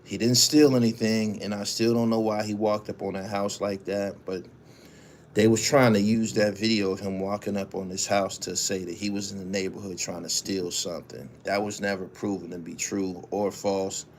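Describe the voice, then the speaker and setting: A man's voice: fairly low pitch, little pitch movement, moderate pace, a little hiss or hum. A man hosting his own show, reading news stories aloud and then giving casual, profane commentary while answering viewers' chat. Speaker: show host.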